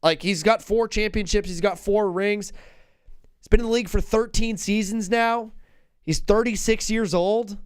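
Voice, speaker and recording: A man hosting a live basketball call-in show, talking in an excitable, joking, rambling way. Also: high voice, moderate pace, clean tone, no room sound. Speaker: host.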